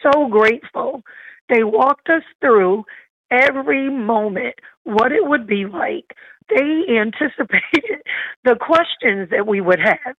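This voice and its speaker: A woman's voice: on the high side, lively intonation, slow pace, no room sound. A woman guest in a podcast interview, heartfelt, grateful and emotional, over a dull lo-fi remote line. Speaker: interview guest, kidney donor.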